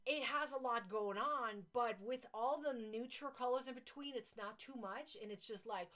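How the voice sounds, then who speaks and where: Gushing, excitable woman crochet host. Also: on the high side, normal speed. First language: not English. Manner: gushing, excitable, laughs often. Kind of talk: casual chat reading viewer comments.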